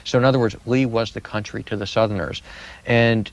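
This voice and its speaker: A man's voice: lowish voice, steady tone, fairly quick, dull audio. A man answering interview questions as a guest historian, telling history with vivid, dramatic repetition.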